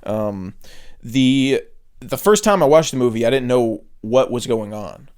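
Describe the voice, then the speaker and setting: A man's voice: mid-range voice, measured pace, a little mellow, clean tone. A man co-hosting a podcast, chatting casually and enthusiastically about a film, swearing often and using lots of fillers. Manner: loose and enthusiastic, with frequent swearing and filler words. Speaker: podcast co-host. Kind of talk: casual film review chat.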